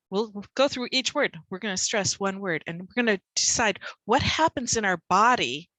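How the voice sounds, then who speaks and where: A woman tutor talks other teachers through her method in a conversational way, now and then leaning hard on single words to show the stress. Her voice sits at an ordinary middle pitch, and the video-call sound is close and dry. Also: lively intonation, normal speed, hardly any pauses, sharp tone, dry recording, poor audio. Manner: conversational, demonstrates stressed words with extra punch. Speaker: reading and spelling tutor.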